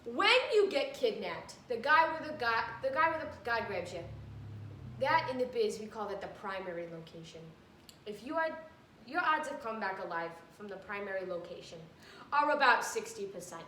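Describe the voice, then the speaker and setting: A woman putting on a gruff middle-aged male cop giving stern safety lectures to schoolchildren. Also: mid-range voice, very animated, normal speed, bright, forceful tone, a little hiss or hum. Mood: grim warning. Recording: echoey room, mic far off.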